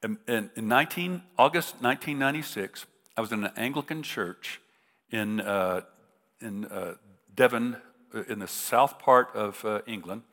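Preacher telling a funny story in a hall. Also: male voice, on the low side, moderate pace, a bit bright. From United States. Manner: conversational, humorous, many restarts. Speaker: visiting preacher. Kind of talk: storytelling sermon. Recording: reverberant hall.

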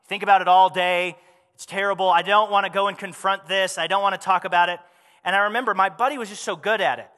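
A pastor preaches to his congregation in a high, bright voice with a tense edge, yet his tone stays steady and his pace is quick. He speaks conversationally and throws out rhetorical questions. A long reverb lingers on his words, as though he's in a large hall.

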